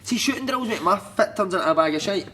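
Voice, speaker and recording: A man, a podcast guest telling animated, sweary anecdotes with frequent laughter. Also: high-pitched, quick pace, slight background noise. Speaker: podcast guest, former footballer. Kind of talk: casual storytelling chat.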